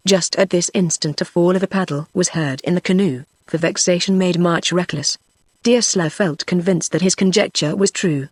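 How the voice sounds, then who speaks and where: A text-to-speech voice narrating a classic novel in an even synthetic manner. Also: medium pitch, normal speed, dry recording. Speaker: audiobook narrator.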